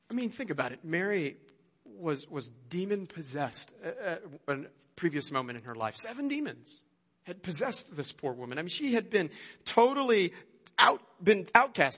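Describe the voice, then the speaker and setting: Bright-voiced man preaching a sermon. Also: slightly rough. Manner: animated storytelling, acts out quotes with rising pitch. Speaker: pastor.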